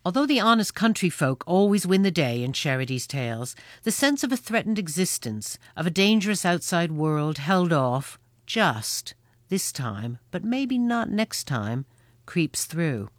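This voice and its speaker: Thoughtful, measured essay narrator. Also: medium pitch, very animated, dry recording. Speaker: host, essayist. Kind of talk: reflective scripted narration.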